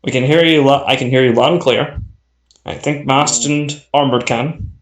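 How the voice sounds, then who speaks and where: A man running a tabletop game, chatting casually between turns with a halting delivery full of fillers and restarts, heard over a voice call. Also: mid-range voice, fairly even intonation. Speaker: game master. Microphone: voice chat over the internet. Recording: echoey voice-chat audio.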